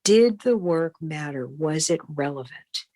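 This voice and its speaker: A middle-aged woman, a broadcast consultant, telling animated career anecdotes as a podcast guest and acting out the voices of people she quotes. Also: deep voice, measured pace, no echo. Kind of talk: storytelling in a podcast interview.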